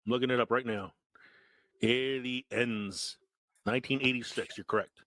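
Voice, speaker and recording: A man's voice: medium pitch, steady tone, moderate pace, sharp tone, no room sound. A man in his forties co-hosting a podcast, telling stories with lots of laughs and swearing. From Philadelphia, US. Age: 40s. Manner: laughs often, profane storytelling. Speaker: podcast co-host. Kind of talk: casual chat.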